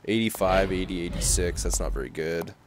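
A man's voice: deep voice, fairly quick, a little hiss or hum. Exasperated young man commenting on gameplay. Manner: exasperated, swinging from mumbling to frustrated outbursts. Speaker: gaming commentator.

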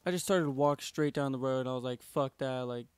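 A young man tells a story straight to camera in a slangy, profane way, leaning on "like" and "dude" as he goes. His voice is smooth and clear at a middling pitch. It is recorded close and dry, with no room sound around it. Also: fairly quick, a little mellow, no room sound. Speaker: vlogger. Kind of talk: casual storytime.

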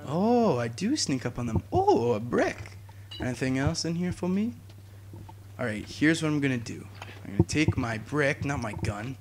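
A young man giving jokey, excitable commentary while playing a video game, talking to his viewers and yelling at enemies. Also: medium pitch, normal speed, noisy background. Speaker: gaming YouTuber. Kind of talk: let's play commentary.

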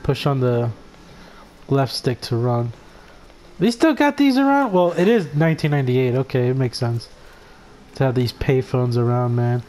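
A man giving excitable, laugh-filled let's play commentary, swearing freely as he reacts to the game. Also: mid-range voice, moderate pace. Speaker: gaming commentator.

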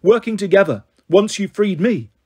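A scornful, regal queen goddess from a storybook reading , voiced by a man. The voice is husky and sits fairly high, commanding and cold. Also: expressive, moderate pace, a little mellow. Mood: haughty. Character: haughty imperious queen goddess, female, ancient.

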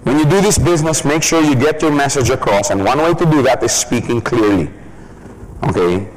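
A man's voice: medium pitch, animated, brisk, a little hiss or hum, rough recording. A man giving a casual training talk who jokes and laughs often. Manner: casual, joking, laughs often, many "you know". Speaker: business trainer.

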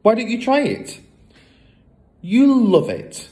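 A man's voice: huge pitch swings, slow, a little mellow, heavily acted. A man doing a sweet eager little girl. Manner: sweet, eager, high-pitched. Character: bright cheerful young girl reader.

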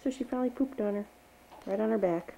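A woman's voice: a little high, quick pace, gravelly, warm tone, a little hiss or hum, low-quality recording. A mother filming her baby at home, talking to him in a cooing, teasing, sing-song baby voice. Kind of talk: baby talk to an infant. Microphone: handheld home video camera.

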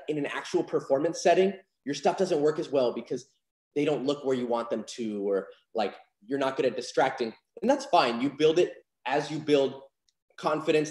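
This young magic instructor's medium-pitched voice has a darkish tone as he teaches card magic casually online, confident and upbeat with many fillers. The recording has an echoey room sound.

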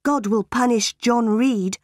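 A woman's voice: a little high, takes it slowly, dry recording, clean studio sound. A woman voicing a defiant, unhappy ten-year-old orphan girl in a storybook reading, earnest and stubborn.

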